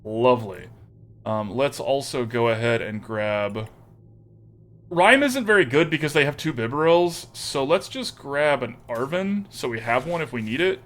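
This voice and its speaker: Bright-voiced chatty male streamer. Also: mid-range voice, lively intonation, a little slow. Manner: chatty, thinks aloud and talks to viewers by name. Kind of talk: casual live-stream commentary while playing a card game.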